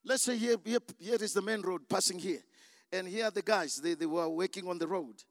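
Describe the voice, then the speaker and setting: A man preaching a sermon, emphatic and shouting, calling for the congregation's responses in a church. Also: high-pitched, a little fast, dry recording, studio quality, big-room sound.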